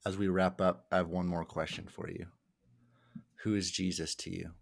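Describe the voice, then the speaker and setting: A man with a very low, gravelly voice asks calm interview questions and gently affirms his guest. His delivery stays flat and level, and the recording sounds dry and close. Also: moderate pace, dry recording.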